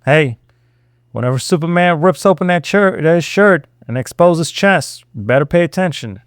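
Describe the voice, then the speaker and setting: A man's voice: fairly high pitch, animated, moderate pace, smooth, no room sound, clean studio sound. Sarcastic man lecturing his viewers. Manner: sarcastic, lecturing the viewer, acts out quotes loudly. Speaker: reaction commentator. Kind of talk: reaction commentary.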